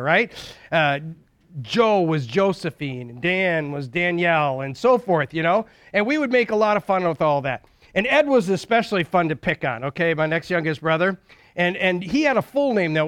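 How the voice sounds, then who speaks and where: A man's voice: high-pitched, a bit bright, no room sound, studio quality. A man preaching a sermon in a folksy storytelling way, acting out jokes and leading a prayer.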